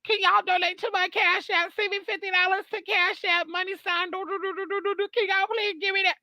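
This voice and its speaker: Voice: little pitch movement, a little fast, sharp tone, no echo, full character voice. A vlogger putting on a wailing, begging online woman. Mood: wailing, pleading. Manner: wailing, theatrical, high-pitched sob story.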